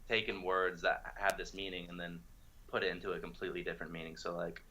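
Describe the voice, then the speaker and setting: A young man from the United States explaining in a casual video chat, relaxed and full of fillers. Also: sits low, fast talker, rough recording. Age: young adult. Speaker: language exchange partner. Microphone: video call.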